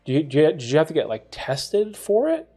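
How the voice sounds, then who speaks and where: A man's voice: fairly high pitch, wildly swooping pitch, a little fast, mellow, faint music behind. A man with a stuffy, congested voice, casually chatting with viewers on a live stream and reacting to their messages. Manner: reads chat messages aloud and reacts, conversational with many fillers. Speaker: streamer answering chat.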